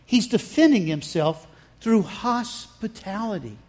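A man's voice: high-pitched, animated, a little slow, darkish tone. A man preaching a sermon, retelling scripture dramatically and acting out the dialogue with rising and falling emphasis. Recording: long hall reverb.

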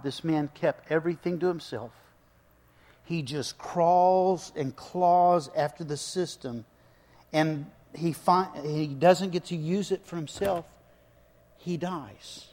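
A male pastor with a fairly high voice delivers a sermon, swinging from hushed prayer to loud acted-out stories. His voice rings through a church sanctuary with a long reverb tail.

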